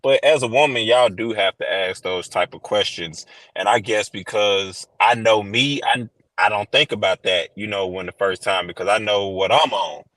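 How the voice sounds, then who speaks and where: A man with a low voice talks in a relaxed, slangy way as a podcast co-host. His tone is bright and forceful. The sound is close and dry. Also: normal speed, no echo, rough recording. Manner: laid-back slangy storytelling, laughs often. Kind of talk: casual chat.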